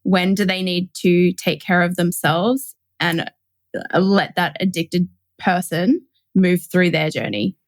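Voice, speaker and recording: A woman hosting a podcast, asking thoughtful, measured questions. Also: fairly low pitch, no echo. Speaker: podcast host. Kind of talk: interview questions.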